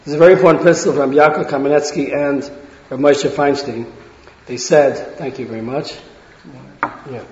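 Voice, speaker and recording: A man's voice: medium pitch, fairly even intonation, moderate pace, pauses often, darkish tone, a little hiss or hum. A man giving an earnest talk on parenting to an audience, often restarting phrases and acting out quoted speech. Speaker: religious lecturer. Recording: roomy hall, dull lo-fi sound.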